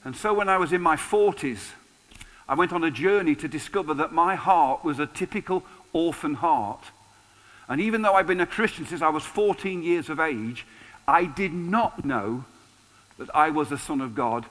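A pastor in his sixties giving a lively, conversational sermon with touches of humor. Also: a little high, moderate pace. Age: 60s. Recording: long hall reverb.

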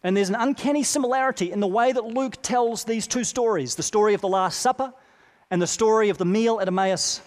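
A man preaching a sermon, earnest and deliberate, repeating key phrases with slow pauses. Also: high voice. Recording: long reverb of a large hall.

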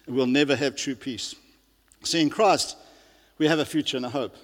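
A man's voice: mid-range voice, moderate pace, a bit bright. Man preaching in a reverberant hall. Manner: earnest preaching, many restarts and fillers. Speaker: pastor. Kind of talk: sermon. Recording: long reverb of a large hall.

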